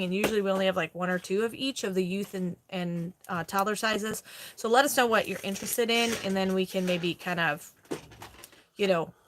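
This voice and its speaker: Middle-aged woman, live-stream host, chatty, laughs easily, crisp bright tone, middle pitch. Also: slight background noise. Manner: chatty, reads viewer comments aloud, laughs easily. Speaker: host, online reseller. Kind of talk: casual live-stream chat.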